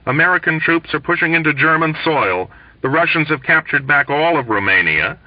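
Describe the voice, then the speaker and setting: A man's voice: on the high side, expressive, a little fast, no echo, voice pushed up, lightly acted. A man voicing a whining, self-pitying male army doctor in a mournful, petulant tone. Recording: dull lo-fi dry recording.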